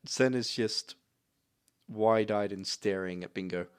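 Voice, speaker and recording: A man narrating a tabletop game as game master, lively and animated. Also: fairly low pitch, unhurried, clean tone.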